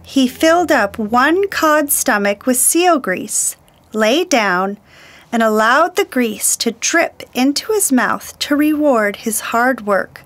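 A woman storyteller reading a children's picture book aloud, slow, gentle and deliberate. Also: a little high, lively intonation.

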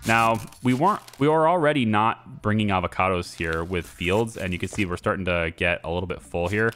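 A man's voice: lowish voice, fairly quick. Man thinking aloud over gameplay. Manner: relaxed, thinking aloud with many ums and restarts. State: has hiccups. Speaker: gameplay video creator. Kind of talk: casual game commentary.

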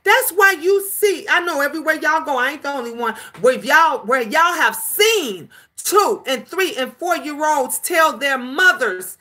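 High bright-voiced preachy woman. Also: a little slow, hardly any pauses. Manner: preachy, emphatic, scolding, animated storytelling. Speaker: commentary channel host. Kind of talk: casual commentary rant.

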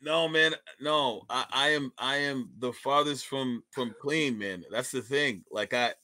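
A man's voice: medium pitch, unhurried. A young male stand-up comedian chatting loosely as an interview guest, often restarting his sentences. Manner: animated, loose, repeats words when starting sentences. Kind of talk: casual interview chat.

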